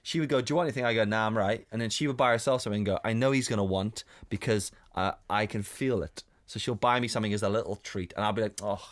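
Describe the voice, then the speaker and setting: A man's voice: fairly low pitch, fast talker, hardly any pauses. A young man co-hosting a casual podcast chat, joking and teasing, often acting out other people's voices. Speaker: podcast co-host. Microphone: studio condenser mic.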